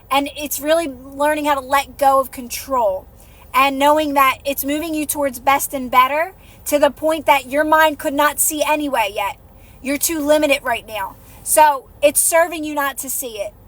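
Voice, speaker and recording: A woman hosting a live stream, giving soothing, repetitive encouragement in a casual coaching talk. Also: high-pitched. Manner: soothing, repetitive, encouraging, drops softer when guiding calm. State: out of breath. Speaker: livestream host and manifestation coach.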